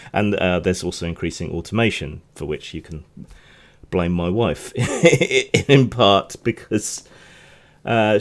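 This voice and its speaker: A man with a notably deep voice hosts a news podcast. He talks in a loose, rambling way, often restarting his sentences and drifting into side remarks. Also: creaky. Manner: rambling, chatty, frequent restarts and asides. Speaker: podcast host. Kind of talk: casual news commentary.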